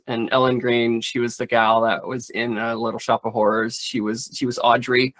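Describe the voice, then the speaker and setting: A man's voice: mid-range voice, flat delivery, moderate pace, few pauses, fairly bright tone, dry recording. A man who does stand-up comedy talking in a rambling, candid way, swearing freely in a casual interview.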